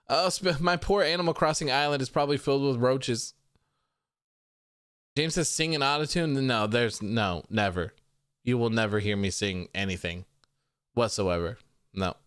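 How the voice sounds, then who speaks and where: A man's voice: mid-range voice, unhurried, pauses often, a bit bright, clean tone, no room sound, studio quality. A man hosting a live wrestling stream in casual chat. He reads viewer comments aloud and reacts offhandedly, swearing freely.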